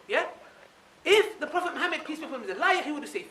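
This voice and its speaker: Racing along in a very high-pitched voice, an Islamic speaker gives a lively religious talk to a live crowd. Rhetorical questions tagged "yeah?" come constantly as he checks in with listeners, captured from afar in an echoey room with faint noise.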